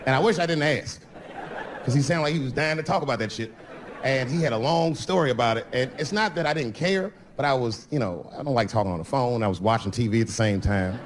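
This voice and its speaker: A man's voice: medium pitch, fast talker, background noise. Profane stand-up comic man in his fifties. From United States. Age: 50s. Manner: profane, conversational, acts out quoted voices. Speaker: stand-up comedian. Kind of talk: stand-up storytelling. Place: stage before a live audience.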